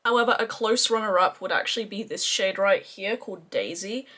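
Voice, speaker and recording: A woman's voice: medium pitch, fairly quick, pushed and bright. A woman with an Australian accent gushes in a chatty, casual makeup review. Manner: gushing, chatty, effusive. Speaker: beauty vlogger.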